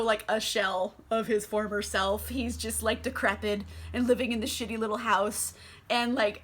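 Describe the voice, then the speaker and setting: A woman's voice: on the high side, fairly bright tone. A young woman recapping a book in a chatty, casual vlog, swearing freely and using many fillers. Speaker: book vlogger.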